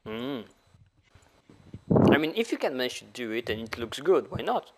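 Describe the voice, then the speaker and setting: Young man, voice chat, laid-back, blunt, average pitch. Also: sing-song, normal speed, heavy background noise. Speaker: gaming friend. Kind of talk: casual chat while gaming.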